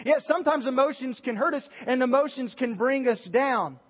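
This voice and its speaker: A man's voice: extremely high pitch, fairly quick. A young man preaching a sermon as a youth pastor, emphatic and passionate, often restarting his sentences. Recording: dull sound with long reverb in a large hall.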